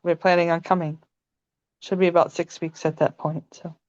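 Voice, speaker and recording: A young woman calmly telling a personal story on a video call, gentle and laughing often. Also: on the low side, normal speed, dry recording, highs cut off. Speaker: meditation participant sharing a story. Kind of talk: casual spoken testimony on a video call. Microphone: phone camera on a video call.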